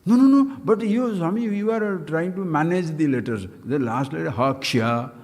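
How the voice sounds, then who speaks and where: A man giving a spiritual discourse, playful and animated, chanting syllables with big leaps in pitch. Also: normal speed. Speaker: spiritual teacher. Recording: long hall reverb.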